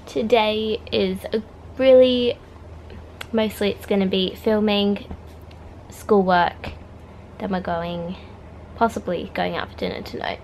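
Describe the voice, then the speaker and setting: A woman's voice: mid-range voice, steady tone, slow, long pauses, a little mellow, a little hiss or hum. A young woman chatting casually to camera in a bedroom, gushing and chatty. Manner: chatty and gushing, drops into baby talk with pets. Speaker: vlogger. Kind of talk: casual vlog chat. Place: bedroom at home.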